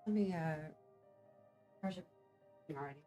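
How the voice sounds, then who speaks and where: A woman's voice: on the low side, normal speed, dark tone, faint music behind. A woman guest streamer chatting casually in a playful, teasing, giggly way. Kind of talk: casual chat.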